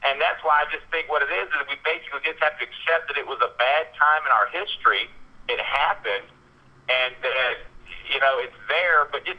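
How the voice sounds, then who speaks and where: A man with a Southern US accent, hosting a talk radio show and telling a story in an animated way, repeating words and acting out what people said. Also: on the high side, brisk. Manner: animated, repeats words, acts out quotes in raised voice. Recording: dull lo-fi radio sound.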